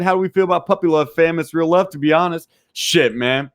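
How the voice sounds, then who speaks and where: A man's voice: fairly high pitch, lively intonation, a little fast, hardly any pauses. A man talking as a podcast guest, brash and crude, swearing constantly while answering chat messages. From Texas. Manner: profane, brash, laughing. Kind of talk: crude casual chat reading live chat.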